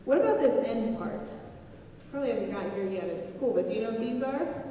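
A woman pastor giving a children's message, explaining gently and slowly to children in a church sanctuary. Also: a little high, lively intonation, highs cut off, a little hiss or hum. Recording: echoey church hall from far off.

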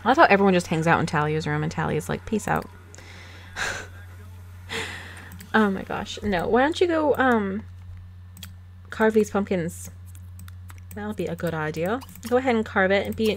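A woman's voice: mid-range voice, lively intonation, slight background noise. Sassy woman narrating a life-sim game. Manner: playful, sassy, quick to laugh. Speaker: gaming channel host. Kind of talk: casual game commentary. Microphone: desk microphone.

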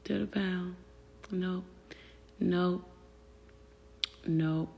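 A woman's voice: on the low side, steady tone, very slow, creaky, long reverb tail, highs cut off, slight background noise. A young woman venting on a phone livestream, profane and exasperated, answering viewer comments aloud. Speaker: livestream host. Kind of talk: casual livestream rant.

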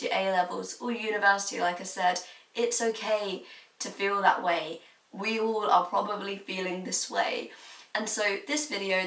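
A woman's voice: medium pitch, sharp tone, far from the mic. Chatty teen girl, roomy sound. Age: late teens. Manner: chatty and confiding, laughs now and then. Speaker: student vlogger. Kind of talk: candid advice vlog. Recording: roomy, mic set back.

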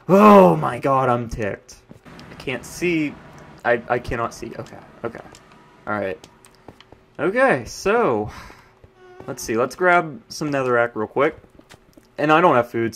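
Frustrated young man ranting over gameplay. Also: on the high side. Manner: frustrated ranting, swings between yelling and muttering. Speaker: gaming YouTuber. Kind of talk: live gameplay commentary.

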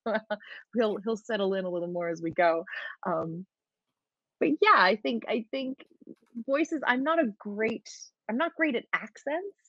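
A woman game master talking shop in a relaxed, easy chat. She laughs often and trails off mid-thought before picking her point back up. The sound is dry and a little dull, as if it comes over a video call. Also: fairly high pitch, measured pace, no echo. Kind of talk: casual talk-show chat.

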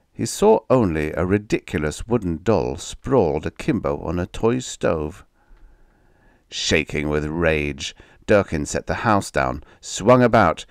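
A man narrating a dark vintage story as an audiobook reader, with measured, dramatic storytelling. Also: very deep voice, dry recording, clean studio sound.

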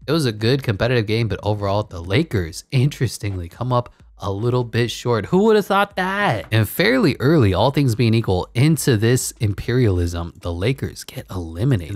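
Low-voiced excitable game commentator man. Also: no echo. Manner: excitable, rising to big shouts on key moments; jokey asides and laughs between calls. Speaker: gaming channel host. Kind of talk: play-by-play commentary over a basketball video game.

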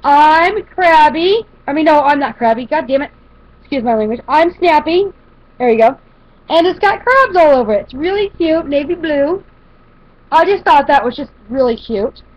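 A woman with a high, lively voice talks a little fast as she shows off a shopping haul to the camera. She's a vlogger chatting casually, rambling along with fillers and restarts. The home video audio is dull and lo-fi.

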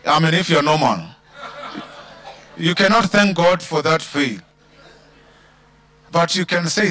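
South african pastor guy preaching, pretty high voice, stretches words out for emphasis, dry close sound. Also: fairly bright tone, dry recording. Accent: South African English. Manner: preaching with slow emphatic stresses and repeated hallelujahs. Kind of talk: sermon.

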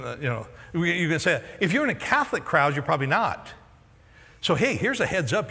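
A middle-aged man preaching a sermon as pastor, animated and joking, his voice going hoarse. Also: fairly high pitch, big-room sound. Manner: animated, joking, acts out quoted reactions. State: losing his voice. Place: church auditorium.

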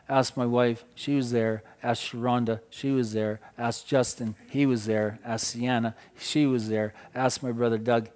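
A middle-aged man with a medium-pitched voice preaches a sermon while telling a story, swinging between loud exclamations and hushed passages.

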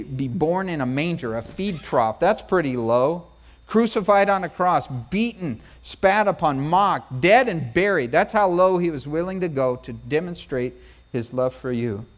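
A middle-aged man preaching a sermon with a fairly high voice for a man. He talks in a relaxed, conversational, folksy way, then swells into emphatic, rising lines. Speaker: pastor.

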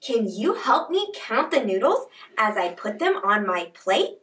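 A woman hosting a preschool lesson, talking to toddlers in a bright, exaggerated, encouraging way and breaking into little sing-along chants. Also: fairly high pitch, big pitch swings, a little slow, recorded from a distance. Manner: bright, exaggerated, encouraging kids-show delivery. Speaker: children's show host.

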